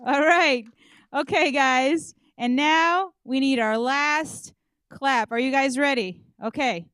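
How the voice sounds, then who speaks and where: A woman warming up an auditorium audience, joking and leading rounds of applause with loud, energetic calls. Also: high-pitched, takes it slowly, no room sound. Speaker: audience warm-up comedian. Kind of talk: stand-up warm-up, leading applause.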